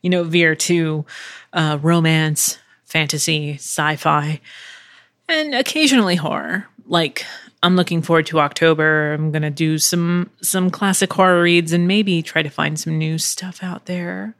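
A woman's voice: low-pitched, a little slow, fairly bright tone, no room sound. Rambling woman host in dry, close sound. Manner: rambling, filler-heavy, swears freely. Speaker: podcast host and voice actor. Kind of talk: casual solo podcast chat. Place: living room at home.

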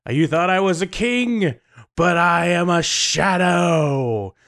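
A man voicing a menacing male shadow villain king, slow and theatrical in a comedy podcast bit. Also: sits high, expressive, a bit bright, dry recording, studio quality, heavily acted. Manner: slow theatrical hamming with drawn-out cries.

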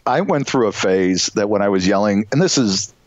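A man's voice: fairly low pitch, expressive, moderate pace, no room sound, muffled recording. A middle-aged man co-hosting a podcast, chatting casually in a rambling, self-mocking way. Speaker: podcast co-host. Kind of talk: casual chat.

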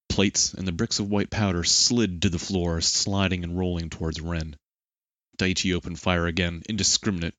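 Deep-voiced male audiobook narrator. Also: no room sound, highs cut off. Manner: steady, measured storytelling.

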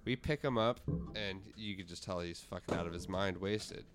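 A man's voice: low voice, moderate pace, over music. A man co-hosting a podcast, telling a con story in a laid-back way with stammered restarts. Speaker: podcast co-host. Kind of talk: casual chat.

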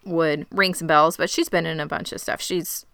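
A woman with a smooth, crisp and bright voice recaps scenes enthusiastically in casual chat. The recording is dry and close, with no room sound. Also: deep voice, fairly even intonation, moderate pace, no room sound. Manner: chatty, enthusiastic storytelling with laughs. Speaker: podcast co-host. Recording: very clean, dry close mic.

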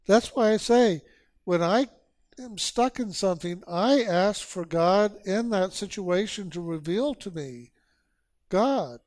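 A spiritual teacher with a fairly high, expressive voice and darkish tone preaches slowly and deliberately, pressing his listeners with repeated phrases and rhetorical questions. The sound is dry and close, with no room sound.

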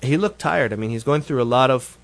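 Recorded dry and close with no room echo, a show host gives a casual solo update in a loose, rambling, conversational way, often correcting himself mid-sentence. His ordinary mid-pitched voice sounds animated and a little fast.

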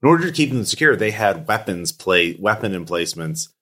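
Deep male game master, halting, filler-heavy narration. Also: big pitch swings, pushed and bright. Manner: hesitant, with frequent fillers.

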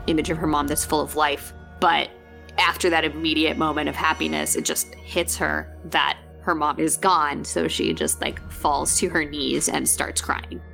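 A woman playing a tabletop game, talking in halting, emotional bursts. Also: sits low, creaky, a bit bright. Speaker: player. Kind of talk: casual tabletop play.

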